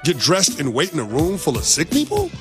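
A man's voice: on the high side, wildly swooping pitch, a little fast, a bit bright, faint music behind. A man co-hosting a sports talk show, making emphatic, conversational points and also reading an ad.

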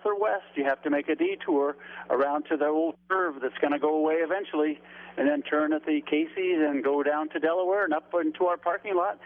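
A man calling in by phone as a guest on a radio show, talking about his deli in a folksy, cheerful way. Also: a little high. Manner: folksy, cheerful, says "by gosh". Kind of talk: casual phone chat. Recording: tinny phone line.

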